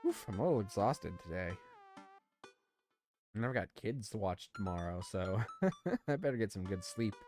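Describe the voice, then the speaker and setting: A man's voice: on the low side, animated, moderate pace, long pauses, a little mellow, faint music behind. Jokey man reading a dating game. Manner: playful, jokey. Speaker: let's play host. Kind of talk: casual game commentary and voice reading.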